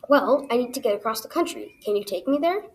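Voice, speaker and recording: A woman voicing a small, brave, excitable male creature in a storybook reading, with a shrill, eager voice that breaks into shouts. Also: fast talker, slight background noise.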